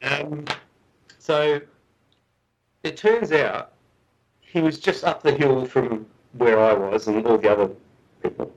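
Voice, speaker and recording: A man, a guest researcher, telling a story in a chatty, animated way with frequent restarts. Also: medium pitch, slow pace, pauses often, highs cut off. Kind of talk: casual storytelling.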